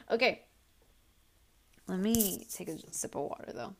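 A woman's voice: mid-range voice, steady tone, measured pace, long pauses. A young woman hosting a casual advice podcast, answering listener questions bluntly and heatedly, with lots of swearing.

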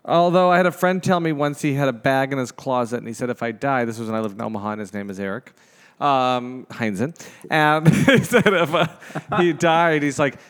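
A man's voice: mid-range voice, brisk, a bit bright, clear, resonant tone. A man co-hosting a podcast, bantering casually and laughing often. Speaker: podcast co-host.

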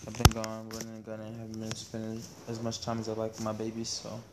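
A man co-hosting a casual chat show, laid-back and giving short relaxed replies. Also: on the low side, fast talker, background noise. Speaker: podcast co-host.

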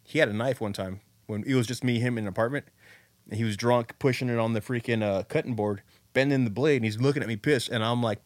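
A man in casual podcast chat, telling a rough story with a lot of swearing and animated energy. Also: mid-range voice, fast talker, dry recording.

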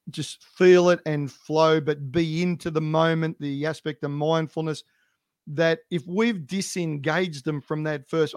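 A man's voice: a little high, no echo. A man co-hosting a coaching podcast in casual chat, speaking emphatically and repeating his points for stress. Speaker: swim coach, podcast co-host.

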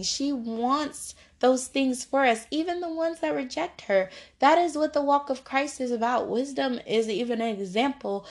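A woman's voice: sits high, normal speed, hardly any pauses. A young woman leading a casual Bible study lesson, chatty and upbeat, laughing often and slipping into playful voices.

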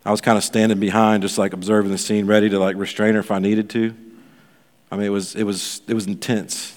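A pastor giving a sermon, telling a story in a loose, conversational way full of fillers. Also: male voice, lowish voice, flat delivery, quick pace, big-room sound.

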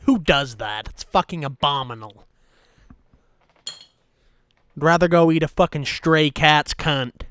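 A man's voice: fairly high pitch, normal speed, a bit bright, clean tone, dry recording. A young man doing a profane, exasperated comedic rant as a YouTuber, talking to his own channel. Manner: profane, exasperated, mock-furious. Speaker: YouTuber ranting to camera.

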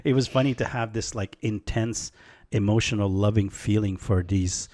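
A low-voiced man tells a story in an animated, laid-back way, filling his talk with "man" and "like". He is recorded close on a dry mic. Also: normal speed, no echo. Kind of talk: casual storytelling chat.

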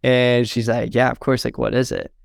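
Young male guest, earnest storyteller, slight fry, dry close recording. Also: medium pitch, little pitch movement, normal speed, no room sound. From southern Indiana, US. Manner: earnest, fills with "like" and "um", gets choked up. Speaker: interview guest, videographer. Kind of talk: heartfelt storytelling in a podcast interview.

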